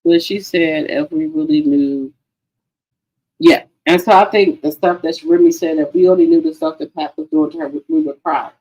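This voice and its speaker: A woman's voice: low-pitched, normal speed, warm tone, breathy edge, rough recording. A woman hosting a casual gossip livestream, chatty and profane, talking to her viewers as girlfriends. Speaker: livestream host.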